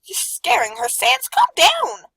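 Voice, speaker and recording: Papyrus, a woman doing a shrill skeleton. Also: huge pitch swings, measured pace, vocal fry, no room sound, exaggerated voice. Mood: scolding. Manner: shrill, shouting. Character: loud excitable male skeleton.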